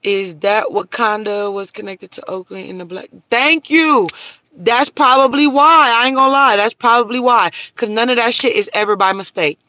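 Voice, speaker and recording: Blunt, bright-voiced woman ranting on a livestream. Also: on the high side, steady tone, normal speed, no echo, dull audio. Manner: blunt, profane, preachy, answers viewer comments. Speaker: livestream host. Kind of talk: casual livestream rant.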